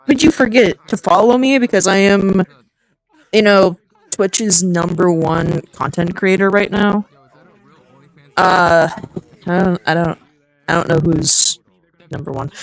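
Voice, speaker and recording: A game streamer chatting casually and excitably with viewers, rambling, joking and reacting out loud. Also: medium pitch, slow pace, creaky, pauses often, dry recording, poor audio. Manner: excitable, rambling, jokey, talks to chat. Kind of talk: casual live-stream chatter while gaming.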